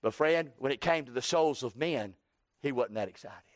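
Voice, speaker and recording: A man preaching a sermon, building to loud emphatic runs and dropping low, with folksy plain phrasing. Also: lively intonation, normal speed, no room sound, clean studio sound. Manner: preaching with swelling emphasis and sudden drops.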